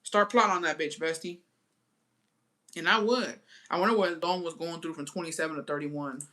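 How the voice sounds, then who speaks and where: A woman's voice: lowish voice, moderate pace. A woman, chatting to her viewers in a blunt, profane way, slipping Spanish into her English and telling stories with theatrical asides. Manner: animated storytelling with theatrical asides. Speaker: vlogger. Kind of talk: casual chat to viewers.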